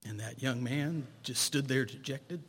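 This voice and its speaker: A man, a pastor, preaching a sermon, telling stories and swinging between loud exclamations and hushed low tones. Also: measured pace, breathy edge, long reverb tail.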